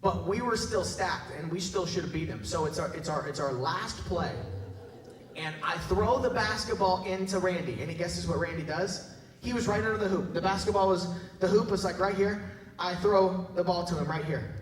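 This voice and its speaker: A pastor with a high voice preaches in a large church hall, and his words ring out with a long echo. He sounds animated and jokey, and he keeps checking in with the congregation. The mic is some distance from him. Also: moderate pace. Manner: animated, jokey, talks to the crowd with tag questions. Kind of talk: sermon with storytelling.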